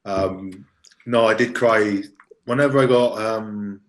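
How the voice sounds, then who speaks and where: A man from Wales chatting as a podcast guest, soft-spoken and laid-back, halting with lots of fillers. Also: lowish voice, steady tone, low-quality recording. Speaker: guest, rugby player. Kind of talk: casual podcast chat.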